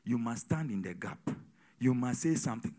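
A man preaching a sermon with call-and-response, swinging between loud exhortation and quiet asides. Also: medium pitch, lively intonation, moderate pace. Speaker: pastor.

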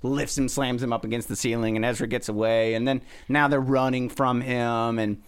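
A man's voice: mid-range voice, moderate pace, clear, resonant tone. A man hosting a fan after-show, casually recapping an episode and acting out lines with a laugh. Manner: animated retelling, acts out quoted lines with a laugh.

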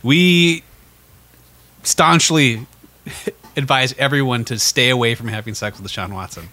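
A man's voice: medium pitch, unhurried, bright, forceful tone. A man co-hosting a podcast, joking and laughing in casual chat. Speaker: podcast co-host.

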